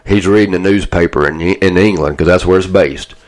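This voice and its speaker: A man's voice: low-pitched, brisk. A man co-hosting a casual talk podcast, laid-back and folksy, talking with easy enthusiasm. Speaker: podcast co-host. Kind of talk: casual chat.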